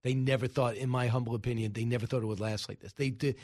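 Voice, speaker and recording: A man hosting a talk show, brisk and conversational, tossing quick asides to his guests. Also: medium pitch, fairly even intonation, a little mellow. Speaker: show host. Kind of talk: casual talk show banter.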